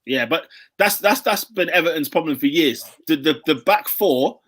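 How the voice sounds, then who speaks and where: Young male podcast co-host, high bright voice, slangy and animated. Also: moderate pace. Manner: animated, slangy, laughs often. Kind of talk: casual football chat.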